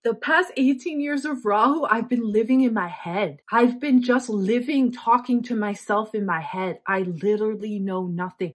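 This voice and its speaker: Woman vlogger talking about her spiritual stuff, earnest and emotional, medium pitch. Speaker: astrologer and vlogger. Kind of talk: personal spiritual vlog.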